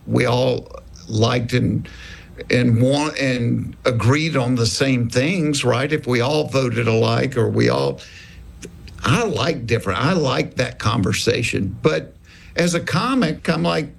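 A man in his sixties with a Southern US accent, a comedian telling animated stories in a casual interview and acting out the voices of the people he quotes. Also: medium pitch, slow, vocal fry. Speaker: comedian guest.

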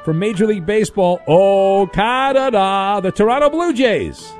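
A man's voice: sits high, expressive, moderate pace, soft background music. A man hosting a sports radio show and running a quiz game, teasing the players as he goes. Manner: playful, teasing quizmaster. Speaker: radio host.

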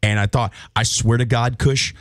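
A man's voice: mid-range voice, normal speed, no room sound, studio quality. A man hosting a radio show, chatting casually and acting out phone calls in voices as he tells stories. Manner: animated storyteller who acts out phone calls in voices. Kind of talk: casual on-air banter.

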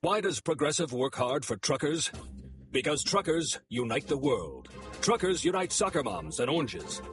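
Lively man, quirky ad read. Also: a little high, normal speed, music in the background. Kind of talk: radio commercial voiceover.

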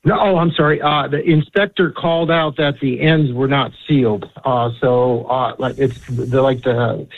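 A male caller on a radio show, halting and searching for words as he describes a repair problem. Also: mid-range voice, steady tone. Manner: halting, lots of fillers and restarts, searching for words. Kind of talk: phoned-in question to a radio show. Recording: tinny phone line.

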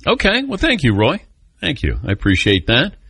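Animated man hosting sports radio. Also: medium pitch, normal speed, slightly rough, dry recording. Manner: storytelling, animated, laughs often. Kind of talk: call-in radio show chat.

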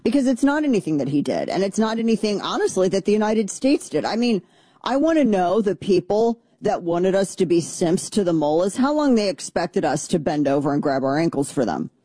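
A woman's voice: mid-range voice, sing-song, fairly quick, warm tone, no echo. A woman hosting a political talk radio show, talking in a blunt, combative and sarcastic way into a studio microphone.

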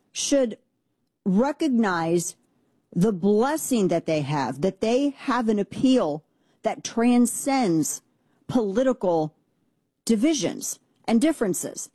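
A woman's voice: fairly high pitch, warm tone, dry recording. Woman, talk show host, emphatic, rambling, sarcastic, dry close studio sound. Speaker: political commentary host. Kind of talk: casual opinion commentary. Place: home studio in Texas. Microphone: studio mic with headphones.

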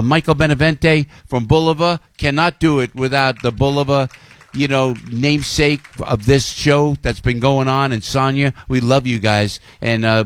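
A male radio host with a mid-pitched voice who gushes, laughs a lot and thanks everyone. The sound is dry and close, from a jazz club. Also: dry recording. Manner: effusive, warm thanks, laughs often. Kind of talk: radio show hosting.

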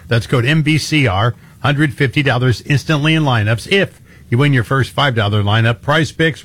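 Male radio co-host, husky voice, quick reactions, casual ad read. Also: medium pitch, a bit bright. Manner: short reactive interjections. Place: radio studio.

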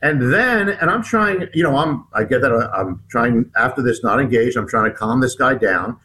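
A man, an author appearing as a guest, recounting a personal story in an interview, halting with frequent restarts and repeated words. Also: mid-range voice, lively intonation, bright, forceful tone, rough recording.

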